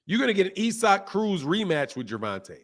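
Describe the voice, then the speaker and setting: A man in his fifties hosting a boxing live stream, ranting at his chat in an animated, exasperated way. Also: high voice, a little fast. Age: 50s. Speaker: boxing channel host.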